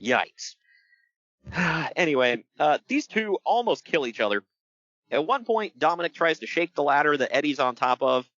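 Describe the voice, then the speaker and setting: A man chatting casually on a podcast about wrestling, laughing often and acting out quotes in a high voice. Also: big pitch swings, moderate pace, a bit bright, no echo, dull audio. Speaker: podcast host.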